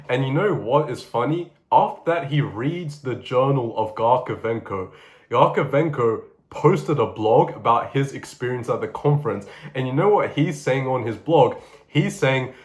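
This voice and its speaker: A young man casually recounting a strange story, excitable and profane, often laughing as he goes. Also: mid-range voice, normal speed. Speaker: vlogger.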